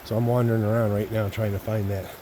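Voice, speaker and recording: A man's voice: lowish voice, little pitch movement, quick pace, noisy background. Middle-aged man chatting on a backpacking trip. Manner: folksy, chatty, addresses viewers as folks. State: a little out of breath. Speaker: backpacking vlogger. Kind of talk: casual outdoor vlog narration. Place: outdoors in mountain woods.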